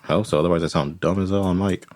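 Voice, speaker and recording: Very deep-voiced rambling game master man. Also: steady tone, racing, a little mellow, a little hiss or hum. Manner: rambling, tags lines with "right?". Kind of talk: casual tabletop game talk.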